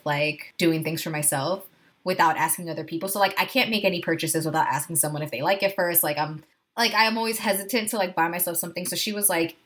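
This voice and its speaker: A woman's voice: on the low side, fairly bright tone. A woman co-hosting a podcast in casual chat, telling anxious stories and swearing freely. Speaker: podcast co-host.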